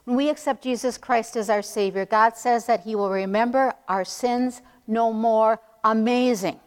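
A woman's voice: fairly high pitch, moderate pace, smooth. Woman preaching in a reverberant hall. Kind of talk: sermon.

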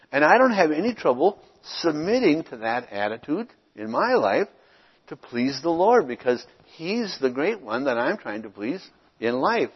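Middle-aged man, husky pastor, conversational sermon voice, dull recording with long church reverb. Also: medium pitch. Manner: reads scripture deliberately, then explains in an informal, conversational way. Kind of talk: sermon with scripture reading. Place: church sanctuary.

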